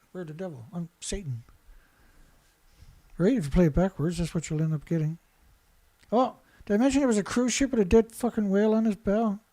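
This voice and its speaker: A man from Canada whose voice sits high and sounds a little mellow. As an environmental commentator, he reads news reports and mocks them in a sarcastic rant laced with profanity.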